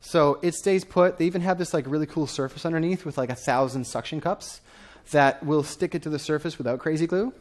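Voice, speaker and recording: A man in his thirties giving a lively conference talk from a stage, often asking the audience questions. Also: fairly high pitch, a little fast. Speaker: conference speaker.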